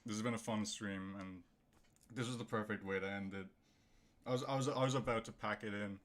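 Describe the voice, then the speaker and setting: A man's voice: fairly low pitch, fairly even intonation, a little fast, a bit bright, a little hiss or hum. A young man streaming a game live, stammering and exclaiming in disbelief after finishing a hard level. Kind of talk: live-stream reaction commentary.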